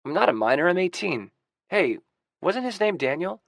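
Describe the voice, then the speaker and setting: An eager eighteen-year-old gossip, lifted well above the reader's own register and full of excitable teasing, with a gravelly undertone showing through, as a male narrator puts him on. The reading sounds close and dry, with no room around it. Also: high-pitched, normal speed, no room sound, voice pushed up, full character voice.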